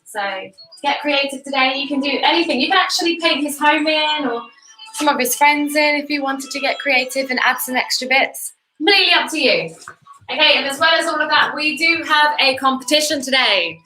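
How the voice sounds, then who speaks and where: A woman's voice: high voice, brisk. A woman with a British accent teaching kids to paint step by step, chatty and encouraging. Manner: encouraging, chatty, laughs easily. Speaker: art teacher co-host. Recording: echoey room with soft music.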